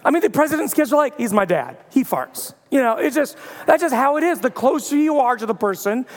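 Man, 30s, pastor; high, joking sermon delivery with shouted outbursts; big reverberant room. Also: fast. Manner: storytelling with playful humor and loud bursts. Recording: long hall reverb.

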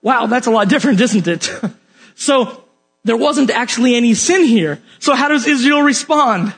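A young man teaching a Bible lesson from an outline, animated and often asking the audience questions. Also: extremely high pitch, normal speed, husky.

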